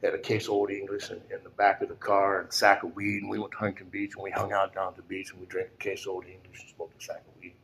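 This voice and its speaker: A man in his sixties, his voice sitting fairly low. He tells a personal story haltingly, with many "and, uh" pauses, and often drops almost to a whisper. Faint ambient noise lies under his voice. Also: level tone, vocal fry, fairly bright tone. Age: 60s. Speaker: storyteller recounting his past. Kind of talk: personal testimony.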